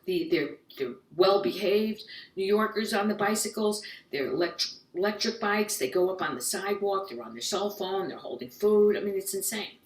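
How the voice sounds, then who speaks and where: Fast-rambling woman comedian, echoey and distant. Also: medium pitch. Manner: rapid anxious rambling in acted inner monologues. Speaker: stand-up comedian. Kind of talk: stand-up comedy set. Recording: echoey room heard from far off.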